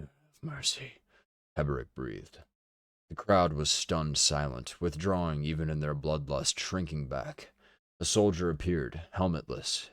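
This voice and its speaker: A man streaming a dramatic reading of a novel, steady and deliberate, with casual asides. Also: rumbling low, dry recording, clean studio sound. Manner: steady, deliberate narration with occasional swearing asides.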